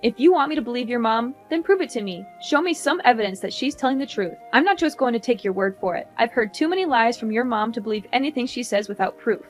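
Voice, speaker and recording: A woman's voice: fairly high pitch, lively intonation, fast, hardly any pauses, soft background music, natural voice. A woman voicing a hurt young wife who speaks earnestly and firmly. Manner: earnest, firm, reproachful.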